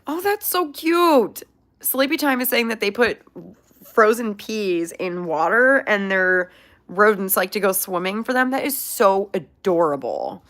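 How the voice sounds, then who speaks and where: A woman's voice: medium pitch, expressive, unhurried, fairly bright tone. Chatty young woman, casual vlog. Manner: chatty, upbeat, many "like" fillers. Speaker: pet pig owner, channel host. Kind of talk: casual chat answering viewer questions.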